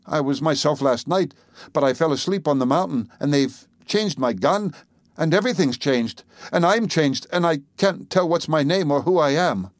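A man's voice: a little high, normal speed, no room sound, clean studio sound, pitched above the performer's own voice, natural voice. A man voicing a bewildered old man named Rip, lost and pleading, his voice raised and strained.

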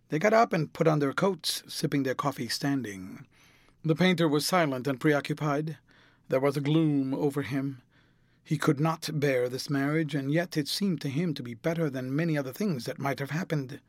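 A man's voice: fairly high pitch, normal speed, no echo, studio quality. Man narrating a classic novel. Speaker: audiobook narrator.

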